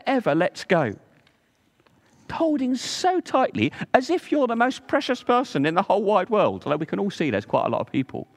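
Male storyteller for kids, slightly high voice, coaxing, dramatic pauses. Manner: gentle and coaxing, drawn-out emphasis. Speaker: children's talk leader at church. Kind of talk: storytelling to children.

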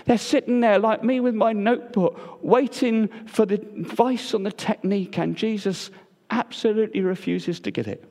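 A man preaching a sermon, moving between emphatic lines and hushed, quiet passages. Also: moderate pace. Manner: swings between loud emphatic and hushed low delivery. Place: church. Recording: long church reverb.

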